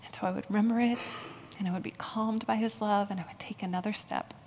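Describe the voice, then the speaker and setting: A woman pastor shares her own story from the pulpit, candid and quick to poke fun at herself. Her mid-pitched voice rings through a church sanctuary with a long, lingering reverb. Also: steady tone, a little mellow, slight background noise. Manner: candid and self-deprecating, laughing often at herself. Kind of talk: personal testimony sermon.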